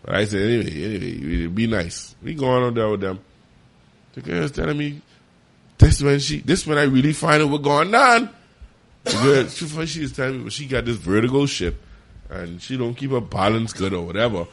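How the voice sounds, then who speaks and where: A man telling a story in casual chat, animated and profane. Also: fairly quick, gravelly, a little hiss or hum. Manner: animated, profane, jumps high when quoting. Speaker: podcast co-host.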